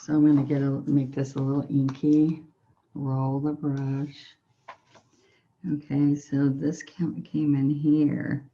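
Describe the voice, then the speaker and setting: A woman with a Southern US accent, a painting instructor giving a relaxed painting tutorial, gently and encouragingly talking through each brushstroke. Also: very deep voice, slow, muffled recording.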